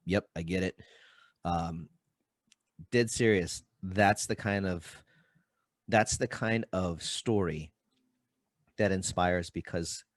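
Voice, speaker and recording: Deep-voiced podcast host, dry sound. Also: male voice, no room sound. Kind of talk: casual podcast chat.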